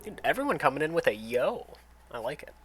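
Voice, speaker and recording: A man's voice: fairly high pitch, sing-song, brisk, a bit bright, slight background noise. A man streaming a video game, chatting loosely with his viewers as he plays, his voice slightly nasal from a runny nose. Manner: loose and rambling, thinks aloud with restarts, reads and answers chat. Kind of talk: casual live-stream chat, talking to viewers while playing.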